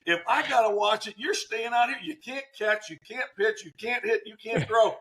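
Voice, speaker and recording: A man's voice: high voice, normal speed, fairly bright tone, voice pushed up. A man quoting an exasperated umpire who sarcastically refuses to eject him. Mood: sarcastic. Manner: sarcastic, scolding. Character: exasperated male umpire mocking a manager.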